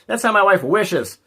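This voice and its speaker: A man's voice: sits high, fairly bright tone. A man hosting a casual livestream, rambling and joking as he talks back to his chat. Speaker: livestream host.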